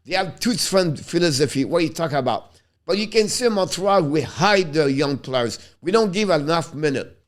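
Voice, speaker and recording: A man hosting a hockey pre-game preview, passionate and quick to get worked up, speaking English with phrasing. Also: medium pitch. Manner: passionate, gets worked up and frustrated, non-native English phrasing. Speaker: hockey show host.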